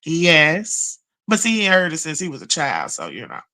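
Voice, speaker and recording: A woman's voice: sits low, moderate pace. A woman hosting a casual livestream, telling stories, cussing freely and greeting viewers in chat. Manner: profane, animated storytelling with chat shout-outs. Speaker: livestream host.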